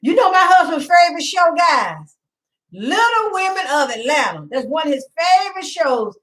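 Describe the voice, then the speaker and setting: A woman's voice: extremely high pitch, big pitch swings, moderate pace, a bit bright, rough recording. A middle-aged woman hosting a casual home live stream, rambling and chatty, greeting viewers by name and laughing often. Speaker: livestream host.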